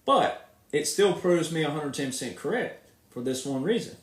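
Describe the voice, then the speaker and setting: This man's animated, higher-register voice moves at a normal speed as he delivers a casual, repetitive monologue in a Southern accent, drawing his words out for emphasis. He's a commentator, recorded off-mic in a reverberant room.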